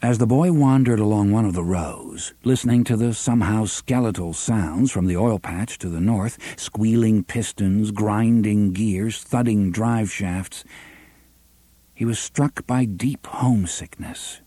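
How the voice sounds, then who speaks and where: Guy narrating an audiobook, dark mellow husky voice, dry close sound. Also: fairly low pitch, measured pace, no echo. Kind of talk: scripted narration.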